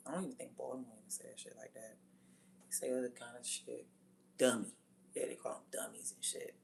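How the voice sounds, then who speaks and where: Gravelly, blunt DC-woman streamer. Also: a bass voice. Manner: blunt, profane, drops from loud to near-whispered asides. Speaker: livestreamer. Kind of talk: casual livestream chat.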